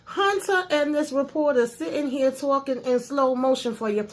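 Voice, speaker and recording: A woman's voice: high voice, normal speed. A woman hosting a casual TV episode recap, sassy, ranting and swearing freely. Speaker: host of a TV recap channel.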